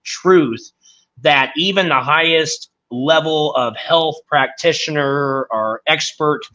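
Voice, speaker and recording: Bright-voiced earnest man. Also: a little high, slow, lo-fi sound. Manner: earnest, explains with everyday examples. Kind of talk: casual podcast conversation.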